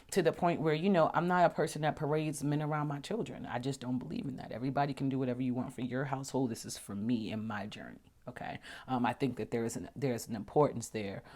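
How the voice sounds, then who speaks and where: Low-voiced woman telling her story. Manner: chatty, animated, acts out dialogue with big pitch jumps; drops to soft murmurs and whispers when reflective. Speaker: podcast host. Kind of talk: casual personal storytelling.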